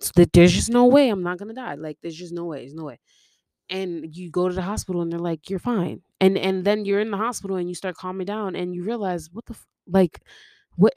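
A woman's voice: on the low side, a little mellow, no room sound, clean studio sound. A young woman hosting her own podcast, telling a personal story in a rambling, casual way, jumping between tangents and laughing often. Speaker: podcast host. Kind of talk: casual confessional monologue.

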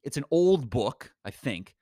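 Lively, animated male podcast host. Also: mid-range voice, measured pace, no echo, studio quality. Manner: energetic, rambling, slangy. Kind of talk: casual motivational monologue.

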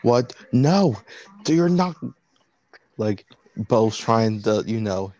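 A man runs a role-play story as game master in a lowish voice. He talks very slowly, halting and restarting in a laid-back, casual way. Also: expressive, dark tone, muffled recording, soft background music.

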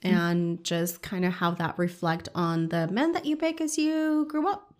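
A woman's voice: lowish voice, measured pace, a little mellow. A woman co-hosting a casual podcast chat, candid and self-deprecating, often laughing. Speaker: podcast co-host.

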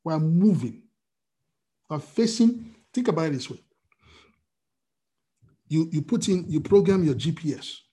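A man's voice: on the high side, expressive, unhurried, pauses often, mellow. A man preaching a sermon as pastor, asking the congregation rhetorical questions.

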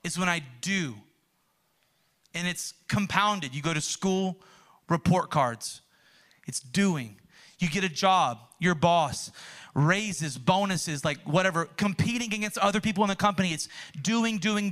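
A young man preaching a sermon, earnest and animated, acting out quotes as he tells stories. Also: high voice. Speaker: pastor.

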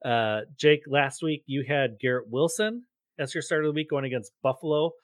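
A man's voice: mid-range voice, normal speed, no room sound. A man co-hosting a podcast, talking through picks and stats in casual chat. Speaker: podcast co-host. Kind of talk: casual sports betting chat.

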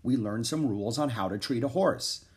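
A man's voice: medium pitch, moderate pace, natural voice. A man reading a children's storybook aloud, voicing an eager, upbeat young girl in a raised voice. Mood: cheerful. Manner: upbeat, coaxing, confident.

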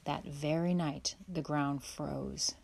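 A woman reading a children's chapter book aloud in a gentle, measured storytelling way. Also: low voice, fairly even intonation, vocal fry. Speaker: audiobook reader. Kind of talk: storybook read-aloud narration.

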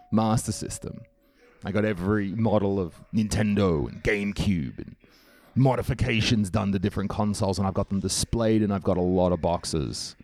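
A comedian talking casually on his own show, animated and swearing freely as he acts out quoted voices. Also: lowish voice. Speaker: comedian podcast host. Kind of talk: casual monologue.

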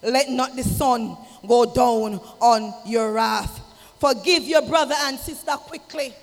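A man preaching an impassioned sermon, swinging from shouted exhortation to low, intimate asides. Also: slow pace. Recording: long hall reverb with music behind.

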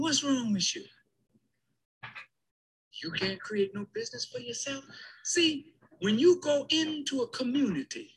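A man giving a fiery sermon, impassioned, swinging from shouts to hushed near-whispers. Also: very high voice, rough recording. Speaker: speaker addressing a congregation.

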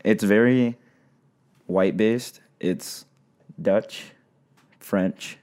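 A man's voice: lowish voice, drawn-out words, a little mellow. A young man co-hosting a casual podcast, rambling with lots of fillers and laughing often. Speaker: podcast co-host.

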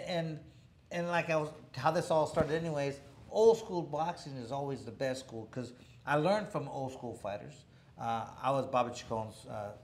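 A man's voice: mid-range voice, a little mellow, slight background noise. A middle-aged man telling a boxing story in a casual interview, rambling with many restarts and chuckling along the way. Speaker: former boxer telling a story.

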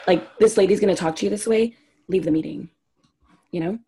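A woman's voice: medium pitch, a little fast, warm tone. A young woman co-hosting a casual podcast, blunt and profane in her reactions. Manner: blunt, profane, laughs along. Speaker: podcast co-host.

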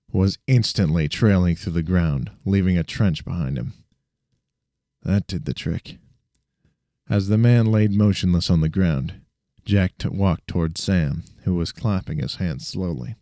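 Amateur male story reader, deep, dark tone, dry close sound, frequent restarts. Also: expressive, measured pace, no room sound. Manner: frequent restarts and self-corrections. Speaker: narrator.

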